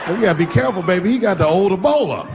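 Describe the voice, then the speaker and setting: A middle-aged man performing a loose, swaggering stand-up set, jumping to sudden high exclamations. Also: lively intonation, very fast. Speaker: stand-up comedian. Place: large theater with audience. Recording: live crowd laughter, stage noise.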